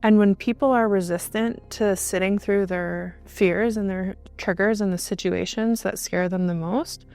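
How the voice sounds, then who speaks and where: A woman guest recounting a personal experience in conversation, halting, with frequent restarts and fillers. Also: mid-range voice, fairly even intonation, a little mellow, faint music behind. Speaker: interview guest.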